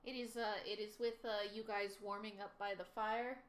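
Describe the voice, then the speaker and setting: A woman narrating a tabletop game as game master, in halting speech full of fillers. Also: medium pitch, little pitch movement, a little hiss or hum. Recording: echoey room.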